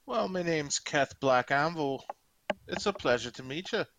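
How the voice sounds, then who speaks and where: A man voicing a flirty, boastful orc blacksmith in a put-on Scottish accent, smooth-talking and rambling. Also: a little high, lively intonation, unhurried, noisy background. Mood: flattering.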